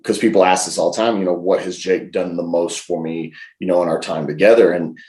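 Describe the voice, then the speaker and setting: A man in his forties, an interview guest, telling lively anecdotes in a casual way and acting out the quotes. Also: deep voice, a little fast. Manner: lively anecdotal storyteller, laughs and acts out quotes. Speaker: professional wrestler, interview guest. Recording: roomy echo.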